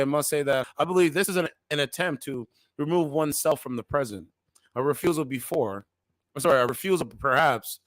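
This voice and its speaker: A man's voice: fairly high pitch, fairly bright tone, no room sound. A man hosting a casual commentary channel, reading news articles aloud with slangy asides, stumbling over words and repeating defensive disclaimers.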